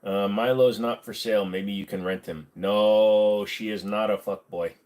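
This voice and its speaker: Low-voiced man, blunt, sarcastic, casual livestream host, swears freely. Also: steady tone, normal speed, darkish tone. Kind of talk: casual livestream chat reading comments.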